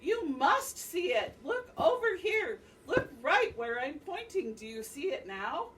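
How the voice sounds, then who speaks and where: A woman voicing a lazy, greedy male spider trickster from a storybook who turns demanding and shouts when his trick fails, recorded from a distance. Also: mid-range voice, very animated, unhurried, slight background noise. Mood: angry. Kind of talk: read-aloud storybook voice. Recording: distant mic, faint classroom ambience.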